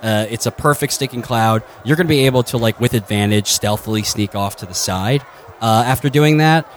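A man's voice: mid-range voice, fairly quick, a little hiss or hum. A man running a tabletop game as game master, rambling with many fillers and crude asides.

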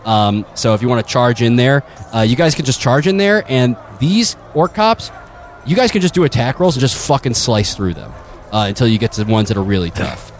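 A man's voice: medium pitch, brisk, soft background music. A man running a tabletop game as game master, rambling with many fillers and crude asides.

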